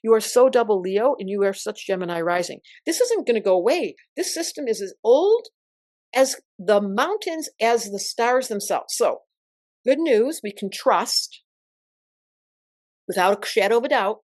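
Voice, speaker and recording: An older woman, an astrologer guest in an interview, telling stories in an emphatic, expressive way. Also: medium pitch, normal speed, dry recording, studio quality. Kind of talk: interview conversation.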